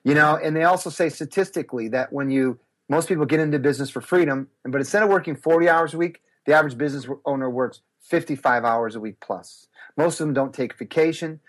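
A man, a speaker and business coach, telling animated stories in an interview and acting out the voices of others. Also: a little high, fast talker. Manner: acts out voices and gasps, lively and expressive. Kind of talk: animated storytelling in a podcast interview.

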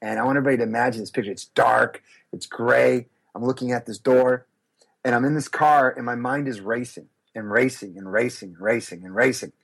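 Husky-voiced man telling a lively story. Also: mid-range voice, fairly quick. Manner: acts out voices and gasps, lively and expressive. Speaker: guest, speaker and business coach. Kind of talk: animated storytelling in a podcast interview.

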